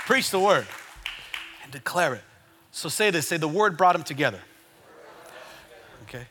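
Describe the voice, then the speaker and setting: A male preacher delivering an energetic sermon to a congregation, swinging between quiet teaching and shouted, rhythmic build-ups. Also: fairly high pitch, moderate pace, long reverb tail, a faint crowd, a little hiss or hum.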